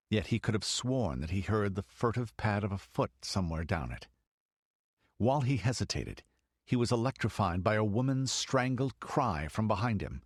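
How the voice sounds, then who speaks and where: A male narrator reads a fantasy audiobook in a measured, steady way. His voice sits low. The recording is dry and close, with no room sound. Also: no echo. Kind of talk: scripted narration.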